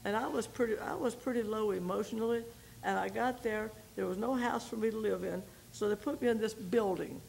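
Older woman, missionary testimony, folksy storytelling, very gravelly voice, faint background hiss. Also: medium pitch, darkish tone, low-quality recording. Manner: folksy storytelling with pauses and repeated starts. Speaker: missionary speaker. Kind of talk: personal testimony talk to a women's group.

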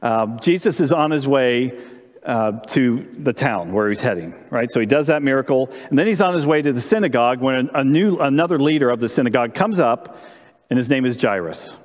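A man preaching during a church service, telling a story in an animated way and asking the congregation questions. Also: medium pitch, fairly quick, in a large hall. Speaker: pastor. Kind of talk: sermon with storytelling. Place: church sanctuary during live-streamed service.

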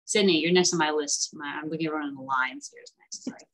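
A woman teaches an online class in a chatty, animated manner, acting out the characters as she retells stories. Her voice sits low and she speaks fairly quickly, and the audio quality is poor.

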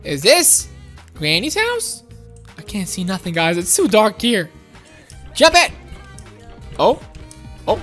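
A woman giving excitable, childlike gameplay commentary while speaking as her game character. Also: high voice. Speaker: game streamer.

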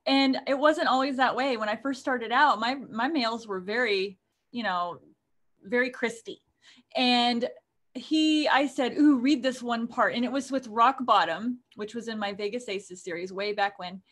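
A woman's voice: on the high side, unhurried, fairly bright tone. A woman author co-hosting a casual podcast, talking in a chatty, rambling way full of fillers. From United States. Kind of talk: casual chat.

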